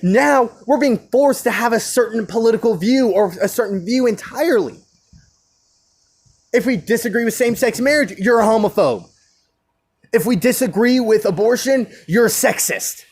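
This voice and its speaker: A young man ranting alone about division and free speech, impassioned, firing rhetorical questions and restarting his phrases. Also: sits high. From United States. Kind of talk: solo rant.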